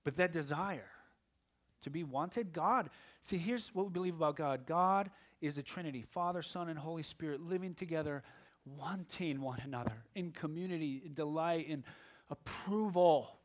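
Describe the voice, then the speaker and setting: Middle-aged male pastor, sermon delivery, higher-pitched, shifts between soft musing and loud fervor. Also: normal speed. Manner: swings from quiet musing to loud impassioned preaching.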